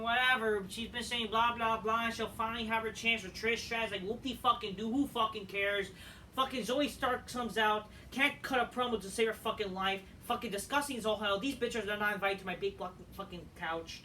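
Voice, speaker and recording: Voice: medium pitch, pushed and bright. A speaker giving a scornful, profane rant recapping a wrestling show, swearing constantly. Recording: distant mic with faint noise.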